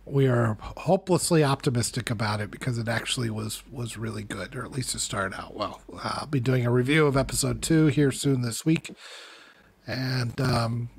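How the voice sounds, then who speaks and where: A middle-aged man co-hosts a relaxed podcast conversation at an ordinary mid pitch. He rambles through his stories, restarting his sentences and wandering off into asides. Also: normal speed, creaky, husky. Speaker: co-host. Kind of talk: casual podcast chat.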